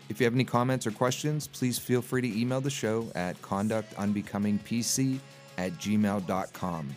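Man, very low voice, podcast host, faint music behind. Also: normal speed. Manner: warm-hearted, supportive, rambling. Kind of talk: casual podcast conversation.

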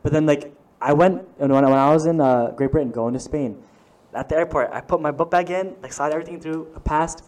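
A young man in a casual chat, rambling through an animated story with lots of fillers. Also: a little high, fairly quick, few pauses. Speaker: friend in group chat.

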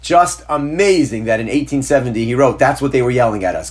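A man teaching a Torah class, speaking emphatically in a storytelling way with rhetorical questions and slowing down to stress key words. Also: mid-range voice, lively intonation. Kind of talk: recorded class lecture.

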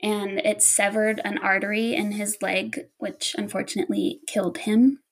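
A woman's voice: mid-range voice, flat delivery, normal speed. A woman telling stories in casual chat, laughing often as she talks.

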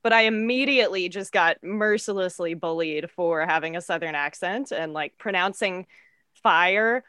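A woman's voice: fairly low pitch, moderate pace, sharp tone, smooth, no echo, studio quality. A woman from the American South chatting casually in a wry, self-deprecating way. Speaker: podcast guest. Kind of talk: casual chat.

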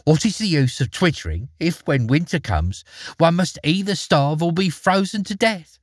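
A prim, flattering old field mouse lady from a storybook, gushing over her rich neighbour in a voice lifted well above a man's usual range, as a man reads her part. The tone is husky and slightly distant, with a dry, close sound. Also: a little high, moderate pace, dry recording, pitched above the performer's own voice. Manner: gushing, sly asides.

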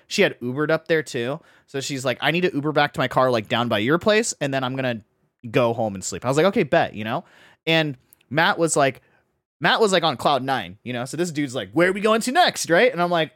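A man telling a long story in casual chat, animated, acting out his friends' voices and filling his talk with "like" and "right?". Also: on the high side, dry recording, clean studio sound. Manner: fast, full of "like" and "right?".

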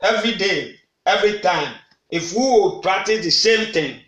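A man's voice: sits high, lively intonation, moderate pace, a bit bright, roomy sound, low-quality recording. A man preaching a midnight prayer sermon, repeating phrases and prompting the congregation to answer, sometimes slipping into tongues. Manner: slips into rhythmic tongues. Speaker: pastor.

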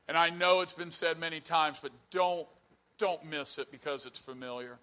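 A man's voice: a little high, moderate pace, pushed and bright. A man preaching a sermon, telling a story with earnest repetition for emphasis. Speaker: pastor.

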